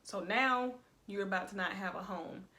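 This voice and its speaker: A woman's voice: mid-range voice, moderate pace, bright, forceful tone. Young woman, sassy, colloquial recap host with a casual chatty delivery. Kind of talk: casual video review.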